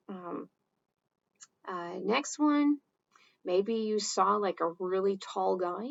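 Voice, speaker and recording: A woman teaching sign language in a casual, relaxed way, with lots of fillers. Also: medium pitch, creaky, muffled recording. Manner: slow, relaxed, with many fillers and acted example phrases. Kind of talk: casual instructional talk.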